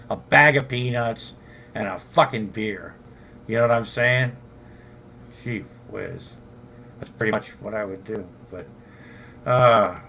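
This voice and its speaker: An older man from southern california hosts a late-night livestream, talking slowly in a gravelly voice with a bright, sharp edge. he rambles and swears and keeps answering the chat. faint background noise sits under his voice. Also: medium pitch. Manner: profane, rambling, talks back to chat. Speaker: livestream host.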